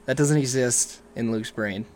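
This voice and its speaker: A man's voice: mid-range voice, a little slow, darkish tone. A young man chiming in with teasing jokes during a casual podcast chat. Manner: joking, teasing interjections. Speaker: podcast co-host.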